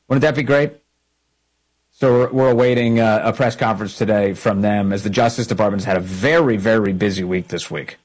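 A man with a husky, slightly breathy voice hosts a political talk show, mocking his targets and pressing his points hard. His pace jumps in quick bursts between sharp jabs. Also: mid-range voice, rough recording. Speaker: political commentary host.

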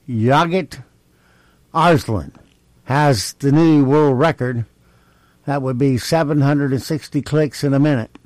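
A man hosting a talk show, introducing comedy clips in a relaxed, chatty way. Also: fairly high pitch, no echo. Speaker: radio host.

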